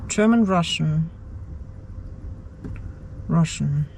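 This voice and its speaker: Slow, mellow woman muttering to herself. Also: low-pitched, vocal fry, slight background noise. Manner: muttering to herself, hesitant, repeats words. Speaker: vlogger. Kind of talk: thinking aloud while working on a computer. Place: inside her car, in the driver's seat.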